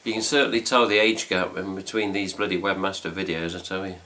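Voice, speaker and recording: Deep-voiced, chatty middle-aged Englishman. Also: steady tone, fast, pushed and bright. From England. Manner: rambling, chatty, swears casually. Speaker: fan site host. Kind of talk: casual chat to camera. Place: home room with cats.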